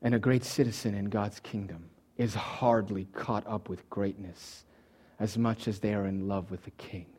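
A man preaching a sermon as pastor, rising to loud emphatic peaks and dropping to soft low asides, sometimes acting out the listener's imagined thoughts. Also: fairly even intonation, moderate pace, slightly rough. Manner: acts out the listener's imagined thoughts in quoted voices.

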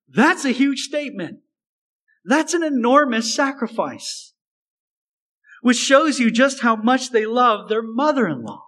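A man's voice: very high voice, sing-song, a little slow, a bit bright, rough recording. A man preaching a sermon as a pastor, earnest and emphatic, repeating phrases for stress.

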